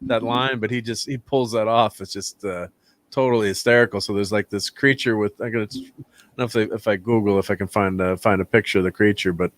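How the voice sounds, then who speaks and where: A man's voice: fairly low pitch, steady tone, quick pace, no echo. A man hosting a casual film review chat, rambling with lots of fillers and restarts and laughing often. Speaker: channel host, film reviewer.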